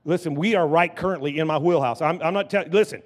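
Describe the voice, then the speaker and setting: A man preaching a lively sermon as pastor, drawing the congregation into call-and-response. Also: fairly high pitch, quick pace. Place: church sanctuary. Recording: long church hall reverb.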